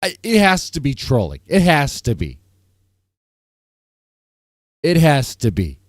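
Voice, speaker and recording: Animated male stream host. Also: fairly high pitch, takes it slowly, no room sound, studio quality. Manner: animated, ranting, repeats himself, laughs a lot. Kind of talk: casual panel chat.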